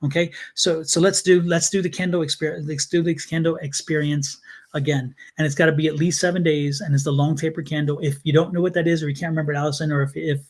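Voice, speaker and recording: A man's voice: fairly high pitch, fairly even intonation, quick pace. A man giving live tarot readings on a stream, speaking earnestly and repeating himself as he calls on viewers by name. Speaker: tarot reader.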